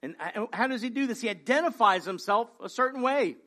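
A man delivers a sermon in a high-pitched voice. He preaches in a conversational but emphatic way, posing rhetorical questions and repeating key phrases for weight. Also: expressive, brisk, bright, forceful tone.

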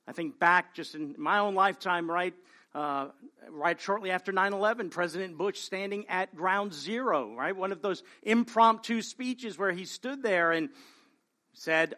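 A male pastor with a high-pitched, sharp-toned voice preaches a sermon at normal speed. He is earnest and keeps tacking "right?" onto his points to check in with the congregation.

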